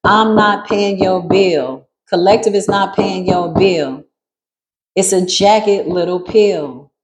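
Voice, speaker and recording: A woman giving a spiritual reading in a casual monologue, brash and sassy, swearing freely and jumping into sudden high squeals. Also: takes it slowly, echoey room, noisy background. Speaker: spiritual reader.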